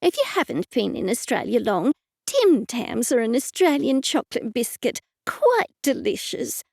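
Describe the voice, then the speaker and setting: A woman's voice: on the high side, very animated, creaky, a little mellow, no echo, studio quality, exaggerated voice. A woman doing a bustling, chatty old aunt. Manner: bustling, brisk hostess chatter. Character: bustling, chatty older aunt serving food.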